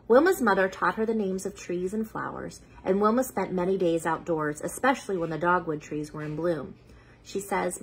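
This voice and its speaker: A woman's voice: fairly low pitch, a bit bright, breathy edge, rough recording. A woman hosting a children's read-aloud, reading a picture book steadily and stopping now and then to sound out unfamiliar words.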